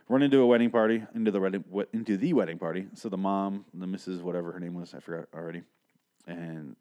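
Male podcast host, lowish voice, rambling casual recap, profane asides. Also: a little mellow.

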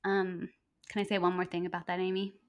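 A woman's voice: on the low side, level tone, brisk. A woman acupuncturist talks as a guest on a podcast. She explains her practice with enthusiasm and rambles a little, with plenty of fillers along the way. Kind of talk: conversational podcast interview.

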